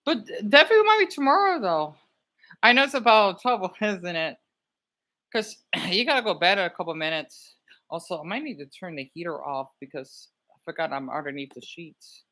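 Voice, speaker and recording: A man's voice: on the high side, normal speed, sharp tone. A young man streaming from bed late at night, chatting casually and rambling as he checks his videos, often cutting himself off mid-thought. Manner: rambling, self-interrupting, talks to himself. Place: in bed at home.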